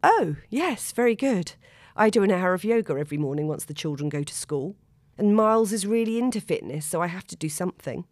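A woman's voice: on the low side, expressive, a little fast, a little mellow, no room sound, studio quality, natural voice. A woman reading aloud and voicing a prim, judgmental young mother. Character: snobbish, fussy young mother.

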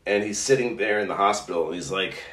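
A middle-aged man chatting casually as a co-host, telling stories in a rambling, animated way with many restarts. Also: fairly low pitch, fast talker. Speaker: podcast co-host. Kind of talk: casual chat. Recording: roomy echo.

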